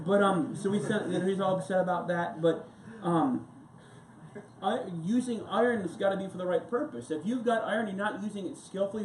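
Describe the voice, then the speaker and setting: A man's voice: high voice, darkish tone, slight background noise. A male pastor giving a casual, rambling sermon full of anecdotes and asides. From United States. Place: church sanctuary. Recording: echoey church room with faint ambience.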